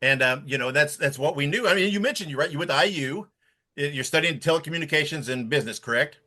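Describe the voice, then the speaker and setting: A male podcast host who talks quickly with a bright, forceful edge. He asks long, eager questions and restarts them as he goes. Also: a little high. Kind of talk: interview questions.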